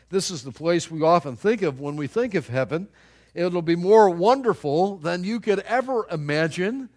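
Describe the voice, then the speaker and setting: Man preaching, middle-aged pastor, folksy asides, slightly higher voice. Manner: folksy, joking asides to the congregation. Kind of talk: sermon.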